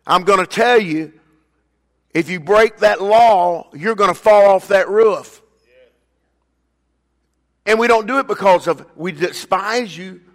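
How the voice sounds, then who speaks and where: An older man preaching a sermon as pastor, swinging between loud emphatic bursts and quiet asides, calling on the congregation by name. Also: high-pitched. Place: church sanctuary. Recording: long reverb of a church hall.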